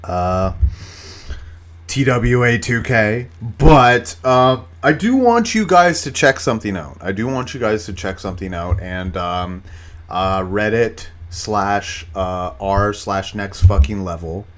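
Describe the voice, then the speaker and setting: A man's voice: on the low side, takes it slowly. A man hosting a casual solo podcast, rambling with many fillers and restarts and swearing often. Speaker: podcast host.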